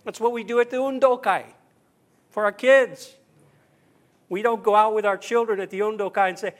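A middle-aged man preaching a sermon as pastor, telling stories with acted-out quotes and swinging between loud and hushed. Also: high voice, normal speed.

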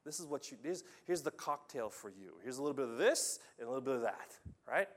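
Guy preaching a sermon, animated, goes loud then real quiet, tells stories. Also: mid-range voice, fast talker. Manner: animated, storytelling, swings between loud urging and hushed lines.

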